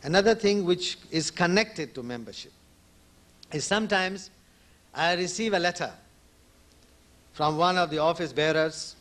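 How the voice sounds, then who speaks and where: A man's voice: sits high, a little slow, long pauses, fairly bright tone. A man addressing devotees at a conference as an organization leader, speaking earnestly and repeating key points for emphasis. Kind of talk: conference speech. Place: conference hall.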